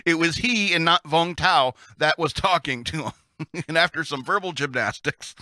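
A man's voice: a little high, sharp tone, no room sound, clean studio sound. A man hosting a casual storytelling session of Navy tales, who chuckles often and adds chatty asides. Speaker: host reading Navy stories.

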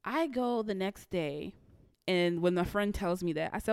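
A woman's voice: fairly low pitch, expressive, a little slow, darkish tone, clean tone, no echo. Young woman, podcast host, candid monologue, blunt, profane, emotional, dry mic. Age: young adult.

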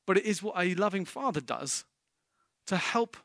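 A male pastor delivers an impassioned sermon. His voice sits high and rings bright, climbing to emphatic peaks. The sound is dry and close, with no room around it. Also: lively intonation, normal speed, vocal fry, no echo.

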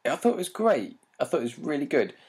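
A man's voice: a little high, big pitch swings, fast talker, a little mellow, slightly rough. A man from Britain co-hosting a film podcast, hesitant and laughing often as he talks. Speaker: podcast co-host. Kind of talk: casual chat.

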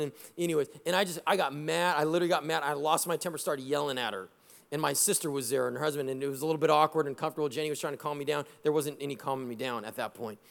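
A middle-aged man preaching a sermon as pastor, lively and exhorting, mixing scripture with personal stories. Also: a little high, vocal fry, clear, resonant tone. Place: church sanctuary. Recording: long hall reverb in a church.

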